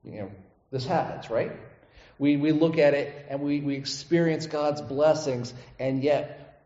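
A male pastor giving a conversational sermon, often checking in with his listeners with a quick question. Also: a little high, dark tone. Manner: conversational, asks the congregation "right?" often. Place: church sanctuary. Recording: echoey church hall, dull lo-fi sound.

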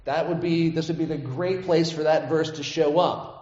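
A man's voice: on the high side, steady tone, moderate pace, darkish tone. Man preaching in an echoey hall. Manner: conversational, asks the congregation "right?" often. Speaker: pastor. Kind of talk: sermon. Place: church sanctuary. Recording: echoey church hall, dull lo-fi sound.

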